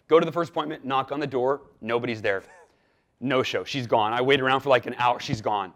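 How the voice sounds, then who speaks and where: A man guest on an interview show, telling a story in a lively way and acting out the quoted dialogue. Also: mid-range voice, quick pace. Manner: animated, acts out quoted dialogue with lively swings in loudness. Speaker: podcast guest.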